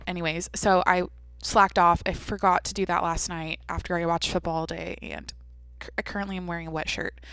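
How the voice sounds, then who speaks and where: A woman's voice: lowish voice, little pitch movement, brisk, fairly bright tone, clean tone, no room sound. A young woman hosting a solo podcast, telling a rambling story full of swearing, restarts and asides. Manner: rambling, profane, self-interrupting storytelling. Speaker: podcast host.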